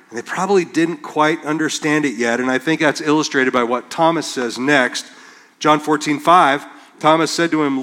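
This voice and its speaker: A man's voice: fairly high pitch, moderate pace, a bit bright. A male pastor preaching a conversational sermon, reading scripture aloud and acting out the quotes. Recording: long hall reverb.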